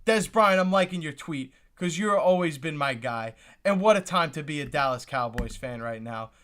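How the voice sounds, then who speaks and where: High bright-voiced excited male streamer. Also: moderate pace. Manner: exclamatory, repeats himself, talks to chat. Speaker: livestream host reacting to the draft. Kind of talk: excited live reaction stream.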